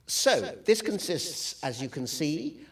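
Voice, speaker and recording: A man's voice: fairly high pitch, sing-song, slow, recorded from a distance. A man giving a public lecture with slides, talking with dry, wry humor and frequent "uh"s. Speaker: guest lecturer.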